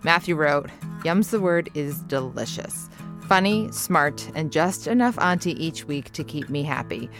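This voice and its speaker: A woman hosting a storytelling podcast, reading announcements and thanks in a steady way. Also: low voice, unhurried, music in the background. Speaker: podcast host.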